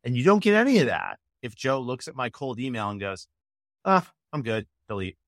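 A man answering interview questions about cold calling, energetic, slipping into quoted call snippets. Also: mid-range voice, fast talker, dry recording, studio quality. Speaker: sales expert guest.

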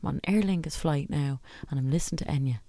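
A woman's voice: low voice, quick pace, mellow. Playful Irish woman co-host. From Ireland. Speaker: radio co-host. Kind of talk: casual radio chat.

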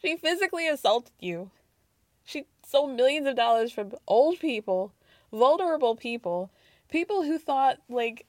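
A woman hosting a podcast, recapping reality TV in an animated, gossipy way, swearing freely and laughing often. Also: high voice, moderate pace, no room sound, clean studio sound. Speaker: podcast host.

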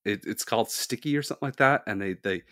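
A man's voice: fairly low pitch, quick pace, fairly bright tone. A man from Canada co-hosting a podcast in casual chat, joking and laughing often. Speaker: podcast co-host.

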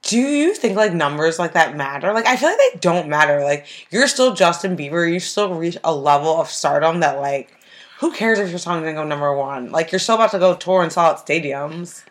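A woman's voice: low voice, expressive. A young woman co-hosting a podcast, teasing her partner and sharing opinions in casual chat. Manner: teasing, quick reactions, opinionated. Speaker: podcast co-host.

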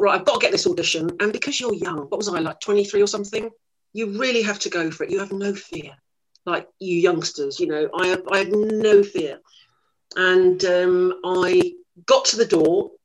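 A middle-aged woman, a lively, self-mocking actress telling stories in an interview. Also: mid-range voice, low-quality recording. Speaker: actress guest. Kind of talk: anecdotal interview storytelling.

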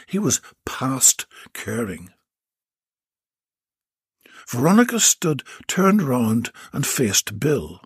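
Slow, breathy man narrating a comic audiobook, close dry mic. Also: a little high, no echo.

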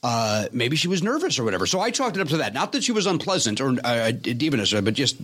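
Hesitant man with a lively voice. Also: mid-range voice, fast. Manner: hesitant, many fillers and restarts. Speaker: actor guest. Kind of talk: casual interview chat.

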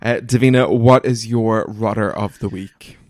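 A young man co-hosting a casual podcast, chatty and given to quick asides. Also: fairly low pitch, fairly even intonation, a little mellow, dry recording, clean studio sound. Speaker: podcast co-host.

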